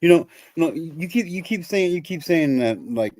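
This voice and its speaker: Podcast host, man, high voice, dry sound, blunt and emphatic. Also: expressive, normal speed, a little mellow, no room sound. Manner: blunt, emphatic, swears when heated. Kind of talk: casual conversation.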